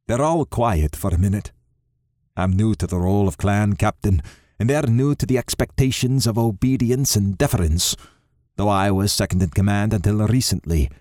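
A man narrating a first-person audiobook in a steady, low-key way. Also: dry recording, clean studio sound.

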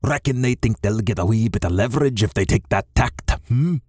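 Man voicing a gruff old Scottish clan father. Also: lowish voice, animated, a little fast, a little mellow, dry recording, studio quality. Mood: gruff, commanding. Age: older. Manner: gruff, blunt, swearing.

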